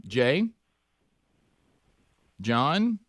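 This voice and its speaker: Dry-miked radio host taking calls. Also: male voice, medium pitch, very animated, drawn-out words, a bit bright, no echo. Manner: playful, sings a silly jingle between ads and calls. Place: radio studio. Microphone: studio mic.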